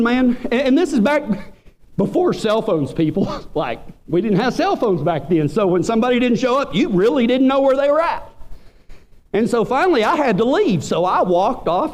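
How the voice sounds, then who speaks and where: A man, preaching a storytelling sermon and acting out friends' lines in voices. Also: high-pitched. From Texas. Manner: animated, acts out quoted friends in voices. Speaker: pastor.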